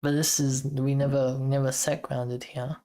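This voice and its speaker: A woman's voice: very deep voice, flat delivery, normal speed, warm tone. A woman streaming casually as she codes, thinking aloud to her chat, trailing off and restarting with an occasional chuckle. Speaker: streamer and software developer.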